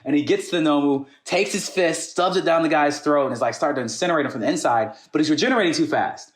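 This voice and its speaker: A man co-hosting a podcast from home, excitedly retelling an anime episode in casual chat. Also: fairly high pitch, quick pace. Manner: excited, animated retelling with acted quotes. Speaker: podcast co-host. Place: home room. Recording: echoey home recording.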